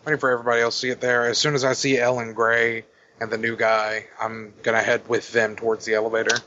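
A man playing a tabletop game, briskly describing what his character does. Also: mid-range voice, little pitch movement, sharp tone, slight background noise. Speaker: player. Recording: dull lo-fi recording.

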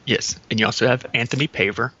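A man's voice: medium pitch, steady tone, quick pace, bright, forceful tone. A man chatting and joking as a player in a tabletop game, in a slightly muffled recording with faint hiss. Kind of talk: casual tabletop game chat.

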